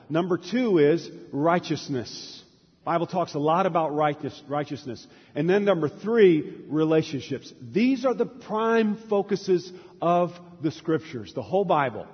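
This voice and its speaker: Husky-voiced man preaching in a hall. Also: sits high. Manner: storytelling, repeats key words for emphasis. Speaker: pastor. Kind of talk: sermon. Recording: reverberant church hall, dull lo-fi.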